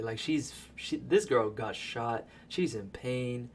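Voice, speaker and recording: Profane, animated man recapping a movie. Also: mid-range voice, unhurried, slight background noise. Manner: profane, animated storytelling with laughs. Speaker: video creator. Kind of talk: casual movie recap voice-over.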